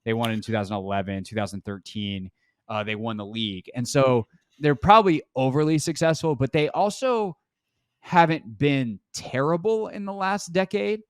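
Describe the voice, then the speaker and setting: A man's voice: medium pitch, moderate pace, clear, resonant tone, no echo, clean studio sound. A man co-hosting a sports podcast in casual chat, rambling and joking as he corrects himself mid-sentence. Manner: rambling, self-correcting, jokey. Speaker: podcast co-host.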